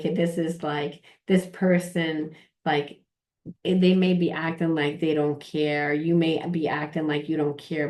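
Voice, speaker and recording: Woman doing a tarot reading, low voice, rambles and repeats, casual cussing. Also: a little mellow. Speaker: tarot reader and trauma coach.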